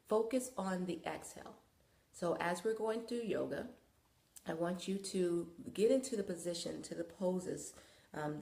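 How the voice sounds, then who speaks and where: Woman host talking into a phone in an echoey room, leading yoga in a calm, rambling way. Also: on the low side, creaky. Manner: loose, rambling instruction with many fillers; calm, coaching guidance. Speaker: wellness host and yoga guide. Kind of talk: live-streamed wellness talk and guided yoga.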